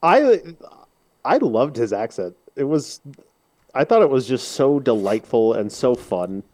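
A man co-hosting a podcast in casual chat, reacting quickly and laughing often. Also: mid-range voice, big pitch swings, warm tone. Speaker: podcast co-host.

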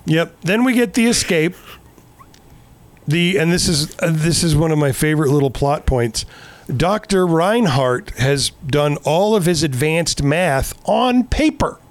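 A man's voice: a little high, expressive, measured pace, dry recording. A man in casual chat recapping a movie in a rambling, sarcastic way, swearing often. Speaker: podcast co-host.

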